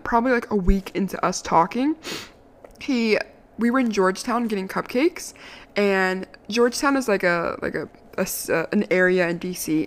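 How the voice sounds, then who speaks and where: A young adult woman recounts a dating story in a casual, brash, profane manner. She's lively, and her voice shoots higher whenever she gets indignant.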